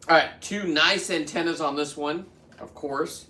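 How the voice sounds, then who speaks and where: A man's voice: fairly high pitch, expressive, measured pace, sharp tone, echoey room, recorded from a distance, slight background noise. A man in his fifties talking casually to camera while he works, rambling with many restarts and getting worked up as he goes. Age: 50s. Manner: rambling, restarts, heats up into ranting. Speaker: vlogger.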